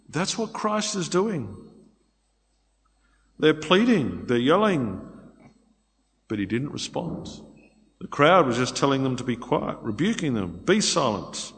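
A man preaching a sermon, expressive, swinging from loud pleading to hushed asides. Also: medium pitch. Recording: long reverb of a large hall.

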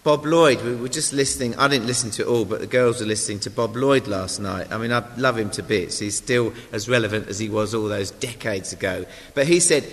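A man's voice: on the low side, brisk, hardly any pauses. A man giving an informal sermon, chatty and self-deprecating, with asides to the congregation. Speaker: lay preacher. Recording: long hall reverb.

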